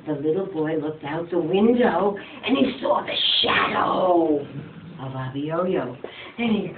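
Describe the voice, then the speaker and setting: A woman's voice: sits low, lively intonation, measured pace. A woman telling a story to a child, with dramatic swings of voice for effect. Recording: far from mic, phone-like, echoey, faint noise.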